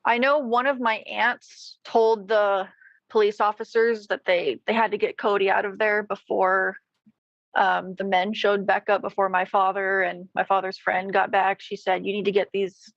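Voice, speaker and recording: A woman in an interview recounting a family tragedy in a slow, deliberate way. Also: medium pitch, no echo, dull audio. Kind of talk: interview recollection.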